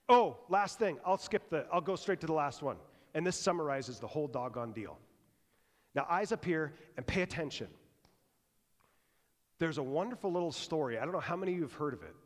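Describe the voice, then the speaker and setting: A man preaching a sermon as pastor, conversational and animated, swinging between loud and hushed. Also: a little high. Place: church sanctuary. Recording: long church reverb.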